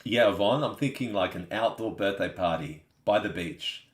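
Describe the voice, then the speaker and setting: A man's voice: lowish voice, normal speed. A man with an Australian accent, hosting a live stream in a laid-back, chatty way, reading out and answering viewer comments. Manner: chatty, laid-back, says "you know what I mean" often. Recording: echoey room.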